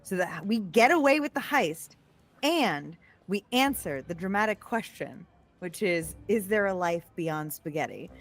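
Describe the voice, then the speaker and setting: Female game master, upbeat and encouraging, mid-pitched, soft music in the background. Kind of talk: running a tabletop game.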